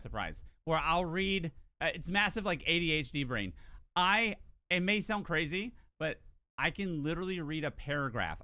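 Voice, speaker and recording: A man's voice: a little high, bright, forceful tone, no room sound. A man with a southern US accent, streaming a game and chatting in a rambling, self-deprecating way, full of "like" and "dude". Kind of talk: casual stream chat.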